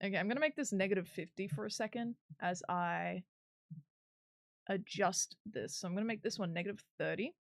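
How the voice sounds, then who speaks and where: A woman's voice: mid-range voice, fairly quick, gravelly, no echo, studio quality. A woman streamer chatting casually while she works on a 3D model, giggly and swearing now and then.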